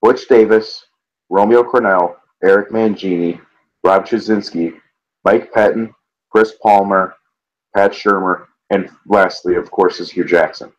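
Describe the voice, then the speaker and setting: Man, lowish voice, casual sports podcast co-host, animated, swears, stammers. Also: measured pace, lo-fi sound.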